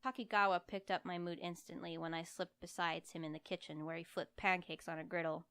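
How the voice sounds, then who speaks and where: A woman reads a first-person story aloud, her narration wry and lively. Her voice sits on the low side, smooth and clear. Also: brisk, no echo. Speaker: audiobook reader. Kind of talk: first-person fiction reading.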